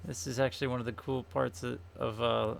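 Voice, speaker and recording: A man's voice: medium pitch, fairly even intonation, a little fast, vocal fry, slight background noise. A man casually commenting on a game as he plays, rambling and correcting himself while reading the game's questions aloud. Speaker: streamer playing a game. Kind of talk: casual let's-play commentary. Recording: faint game music behind.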